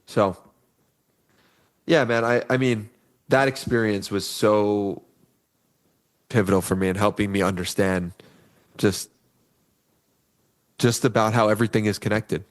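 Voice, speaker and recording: A man's voice: lowish voice, steady tone, measured pace, long pauses. A young man guest in a podcast interview, telling personal stories in an earnest way and acting out the voices of people in them. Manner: earnest, acts out quoted voices in his stories. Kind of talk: conversational interview storytelling.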